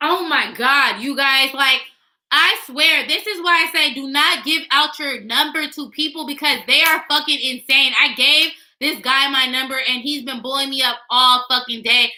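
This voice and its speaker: Bright, high-voiced young woman ranting. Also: normal speed. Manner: frank, heavy swearing, exasperated ranting. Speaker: vlogger. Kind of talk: casual chat to camera.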